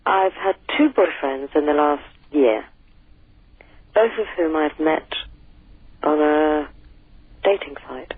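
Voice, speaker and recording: Raspy woman caller on phone line. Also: sits low, animated, slow pace, long pauses, no echo. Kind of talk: phone-in call. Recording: tinny phone line, dry.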